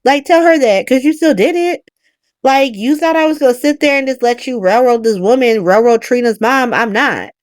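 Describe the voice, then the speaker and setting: A woman's voice: a little high, moderate pace, no room sound, clean studio sound. A woman casually recapping a soap opera as host, blunt and profane, acting out the characters' lines.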